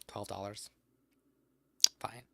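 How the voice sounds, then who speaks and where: A man's voice: slow, fairly bright tone, no echo. A man streaming from home who chats casually, rambles to himself, and swears freely. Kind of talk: casual live-stream chat.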